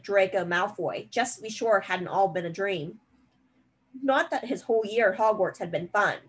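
A woman reading a novel aloud in a steady, expressive storytelling manner. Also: mid-range voice, rough recording. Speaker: reader.

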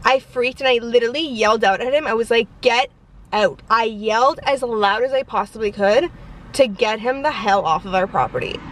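A woman's voice: on the high side, a little fast, distant mic, slight background noise. A young woman vlogger telling a story in a rambling, casual way, filling it with "like" and "you guys.".

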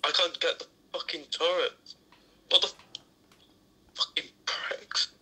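Dude with a super sharp bright voice, freaking out and cursing while flying in a game. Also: male voice, a little high, steady tone, normal speed, slightly rough. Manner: panicky, swearing outbursts. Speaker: co-player. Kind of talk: casual gameplay chat.

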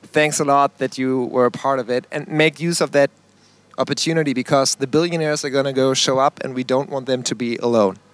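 A man co-hosting a conference workshop in a relaxed, joking, casual way. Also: mid-range voice, brisk, no echo. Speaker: co-host of the session.

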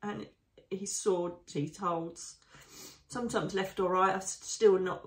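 A woman, a psychic medium narrating her visions live in a hushed, emotional, often slow and breathy way. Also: mid-range voice, fairly even intonation, reverberant. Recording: voice distant from the mic.

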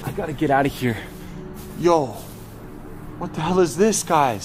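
A man's voice: on the high side, lively intonation, measured pace, long pauses. Scared young man vlogging, with music. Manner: frightened, swearing, talking to viewers. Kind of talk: scripted horror vlog.

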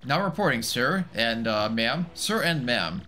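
A man's voice: mid-range voice, lively intonation, unhurried, sharp tone, soft background music. A man voicing a small winged mushroom soldier in a video game, reporting stiffly and dutifully.

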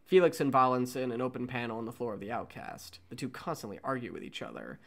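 A man co-hosts a casual read-through of a fan script and reads out the stage directions. His voice sits at an ordinary middle pitch. He jokes around between scenes. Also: lively intonation, quick pace, creaky. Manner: casual, joking. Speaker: co-host reading a fan script.

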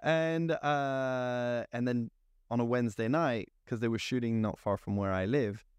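A young man from France, telling a lively story as a podcast guest, with many fillers and restarts. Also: medium pitch, unhurried, clear, resonant tone, dry recording, dull audio. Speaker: guest, cinematographer. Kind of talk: casual storytelling interview.

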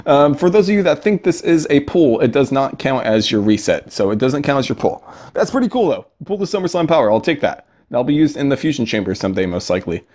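Excitable young man chatting over gameplay. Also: mid-range voice, quick pace. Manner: excitable, chatty, giggling, sudden yelps. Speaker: mobile game commentator. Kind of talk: casual gameplay commentary.

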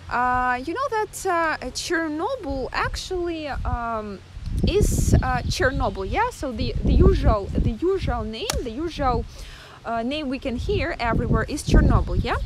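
A woman from Ukraine, giving a live-streamed guided tour outdoors in a chatty way, full of fillers and pauses. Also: high voice, heavy background noise. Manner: chatty, hesitant with many fillers. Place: outdoors in a town.

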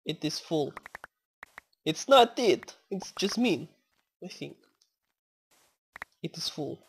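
A woman casually commenting while she plays, rambling, thanking viewers and coaxing in-game animals aloud, swearing in sudden excited outbursts. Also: deep voice, takes it slowly, slightly rough. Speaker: gaming channel host.

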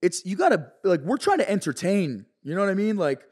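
A man's voice: sits high, fairly quick, slightly rough. A man from North Carolina chatting casually on a podcast, swearing freely and telling stories with animation. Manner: loose, profane, animated storytelling. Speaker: podcast guest and video creator.

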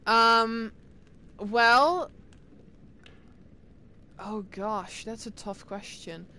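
A woman's voice: a little high, drawn-out words, pushed and bright, a little hiss or hum. A young woman with an English accent touched by Irish and Scottish sounds, chatting casually to her stream viewers as a gaming streamer, rambling with lots of fillers and restarts.

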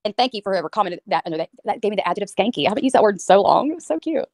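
A woman ranting on a livestream, swearing and mocking someone, slipping into high sing-song impressions. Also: very animated, darkish tone, no room sound. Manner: profane, mocking, fast ranting. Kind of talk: heated livestream rant.

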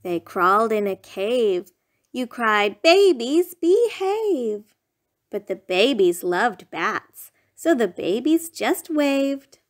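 A woman's voice: mid-range voice, expressive, takes it slowly. A woman reading a rhyming picture book aloud in a sing-song, playful bedtime storytelling manner.

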